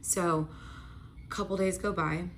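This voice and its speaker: A woman's voice: lowish voice, fairly even intonation, a little slow, a bit bright, a little hiss or hum. A young woman telling a personal story in a casual storytime vlog, chatty, with many fillers of "like", acting out quoted lines. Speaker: storytime vlogger.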